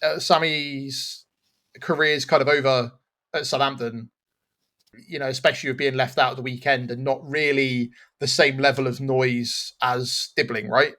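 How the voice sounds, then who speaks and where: A man's voice: medium pitch, level tone, moderate pace, bright, forceful tone. A man hosting a football podcast, chatting casually and rambling, laughing at his own slips. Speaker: podcast host. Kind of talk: casual chat.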